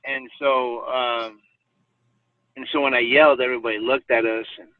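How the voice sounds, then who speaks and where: A man's voice: medium pitch, level tone, normal speed, no echo. Male guest, story with filler words, thin distant phone sound, dry. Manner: rambling, many fillers and restarts. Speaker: podcast guest. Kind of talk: personal storytelling. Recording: tinny phone-like sound from far off.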